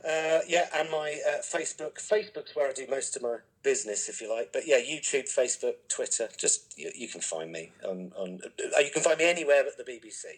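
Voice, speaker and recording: Man, guest comic, husky voice, laid-back, joking. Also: mid-range voice, lively intonation, brisk, few pauses, rough recording. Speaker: guest comedian. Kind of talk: casual chat.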